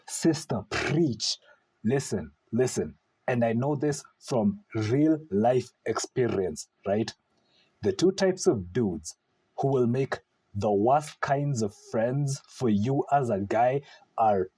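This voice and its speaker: Dark husky-voiced man reacting. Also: mid-range voice, expressive, slow. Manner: blunt, profane, exasperated. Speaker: reaction video host. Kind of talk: casual reaction commentary.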